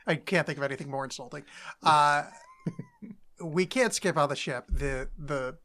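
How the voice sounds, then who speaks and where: A woman co-hosting a podcast in casual chat, animated and laughing, slipping into quick mock voices. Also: low voice. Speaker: podcast co-host.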